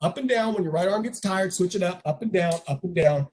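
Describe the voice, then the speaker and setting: A speaker voicing a stern, particular old karate master who gives slow, exacting instructions. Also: medium pitch, darkish tone, natural voice.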